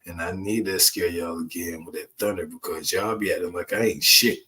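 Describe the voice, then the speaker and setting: A man voicing an angry male God who scolds people with heavy profanity, close to his own lowish voice. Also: fairly even intonation, moderate pace, sharp tone. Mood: indignant. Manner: profane, indignant.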